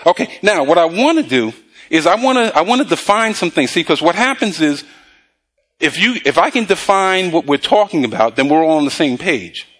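A male preacher giving a sermon, quizzing the congregation with call-and-response questions and reading scripture slowly. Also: a little high, big pitch swings, fairly bright tone, husky.

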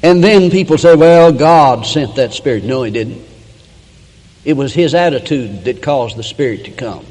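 A man preaching a sermon, reading old scripture verses aloud and breaking in with plain explanations, rising and slowing down for emphasis. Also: mid-range voice, animated, darkish tone, big-room sound. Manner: reads King James verses, then breaks in with plain asides; rises and slows for emphasis, acts out quoted voices.

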